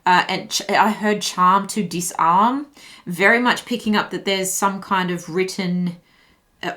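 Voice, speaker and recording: A woman's voice: on the low side, pushed and bright. A woman giving a tarot reading to her viewers, chatty and thinking aloud, with lots of fillers and restarts. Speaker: tarot reader. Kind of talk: intuitive tarot reading to camera.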